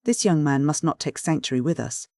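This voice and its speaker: A man's voice: fairly high pitch, fairly quick, a little mellow, no echo, clean studio sound, close to an everyday voice. A man reading the part of a prudent older church dean who talks in a suave, soothing, evasive way. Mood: smooth.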